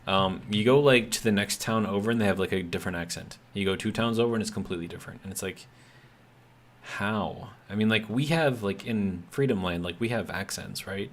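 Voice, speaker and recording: Speaking briskly in a fairly low voice, a man with a Midwestern American accent chats casually while streaming a game. His gameplay commentary rambles through bemused asides packed with "like."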